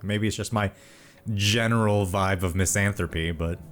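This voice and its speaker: A man's voice: on the low side, moderate pace, a little hiss or hum. A man giving sardonic let's play commentary on a horror game. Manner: sardonic, animated. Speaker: gamer.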